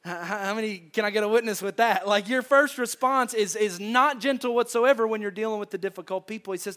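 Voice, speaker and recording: High-voiced Southern pastor preaching. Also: male voice, a little fast, hardly any pauses, a bit bright. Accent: Southern American. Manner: conversational, repeats words, asks the congregation questions. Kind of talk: sermon. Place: church sanctuary.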